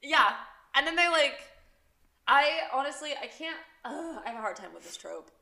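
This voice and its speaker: A woman's voice: sits high, moderate pace, vocal fry. A woman co-hosting a casual book chat, talking expressively and reacting with exclamations. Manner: expressive, exclaims and laughs along. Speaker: podcast co-host.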